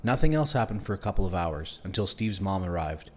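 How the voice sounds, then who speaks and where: A man's voice: deep voice, lively intonation, fairly quick, a little hiss or hum. A man reading a novel aloud in the first person, telling the story expressively. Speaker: audiobook reader.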